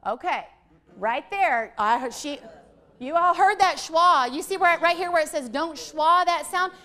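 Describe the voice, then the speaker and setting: A middle-aged woman running a literacy workshop for teachers, leading the group through letter sounds in a lively way. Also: very high-pitched, unhurried. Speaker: literacy trainer.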